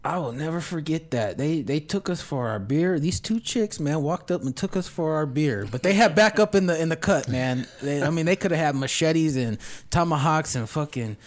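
A man's voice: a little high, expressive, normal speed, hardly any pauses. A man telling a rambling, profane story in a casual podcast chat, as a guest who once played in a band. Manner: profane, rambling, laid-back.

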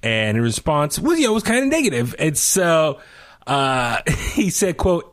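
A man's voice: fairly high pitch, very animated, a little slow, a bit bright. Rambling male podcast host. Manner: rambling, many fillers and restarts, laughs often. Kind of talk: casual chat.

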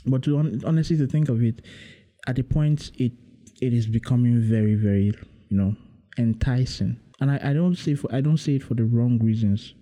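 Dark-voiced man musing aloud. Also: mid-range voice, normal speed. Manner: rambling, musing, heavy on "you know". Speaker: podcast host. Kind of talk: casual solo podcast monologue.

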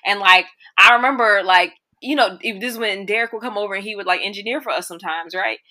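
A woman's voice: medium pitch, fast, sharp tone. A woman co-hosting a podcast in casual chat, blunt and swearing, with lots of "like". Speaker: podcast co-host.

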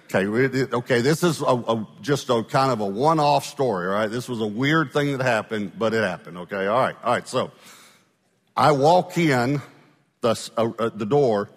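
A man's voice: mid-range voice, normal speed, in a large hall. A male pastor telling a story in a sermon, talking conversationally and often checking in with his listeners.

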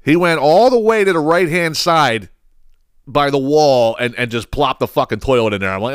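A man's voice: mid-range voice, normal speed, clean tone, dry recording, clean studio sound. A man telling a story in a casual comedic podcast rant, swearing often and repeating words as he goes. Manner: animated, profane ranting with frequent restarts. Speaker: podcast host.

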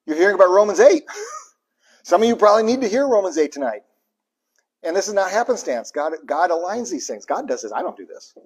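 Preacher, male, husky and a bit breathy, impassioned, chuckles between points. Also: sits high, very animated, brisk. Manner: impassioned preaching, swings from hushed to loud bursts; chuckles between points, repeats lines for emphasis. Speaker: pastor. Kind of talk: live sermon.

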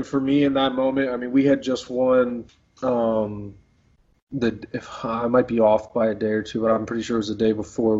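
Young male ballplayer guest, easygoing storyteller, even low delivery, muffled recording. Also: slightly rough. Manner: rambling, filler-heavy, laid-back. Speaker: professional baseball player guest. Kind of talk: casual storytelling interview. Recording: dull lo-fi audio.

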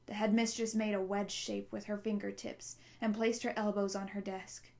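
A woman narrating a novel at a steady pace, with small slips now and then. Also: medium pitch, normal speed, vocal fry. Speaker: audiobook narrator. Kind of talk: reading a novel aloud.

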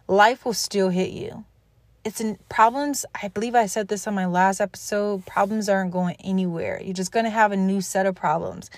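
A woman's voice: medium pitch, no room sound. A woman hosting a motivational podcast, talking to listeners directly in an earnest, encouraging way. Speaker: podcast host.

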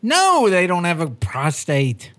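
A podcast co-host in casual chat who cuts in often and talks in a very lively, wide-ranging pitch. The voice sits in a middle pitch. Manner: expressive, quick to interject.

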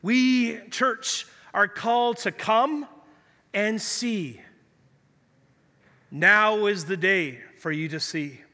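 A male pastor preaching a sermon in a lively, joking storytelling way, in a large church hall. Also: high-pitched, extremely slow, pauses often. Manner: energetic, jokey storytelling preacher. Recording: long church hall reverb.

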